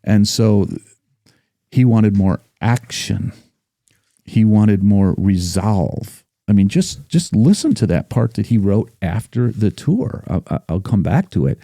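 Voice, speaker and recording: A man's voice: on the low side, animated, slow pace, vocal fry, dark tone, dry recording, studio quality. A man, a battlefield guide guest on a podcast, speaking emphatically and reciting passages with building force. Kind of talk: casual podcast discussion.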